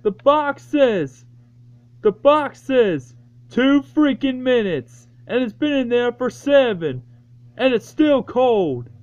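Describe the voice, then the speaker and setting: A young man voicing a whiny, hot-tempered male toy character who yells in shrill tantrums. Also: sing-song, takes it slowly, exaggerated voice. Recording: dull lo-fi home recording.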